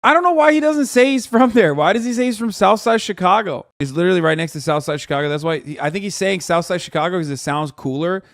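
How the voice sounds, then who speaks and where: A man's voice: high-pitched, fast talker, few pauses, no echo, clean studio sound. A man in his thirties streaming live, giving casual, profane, wisecracking reaction commentary.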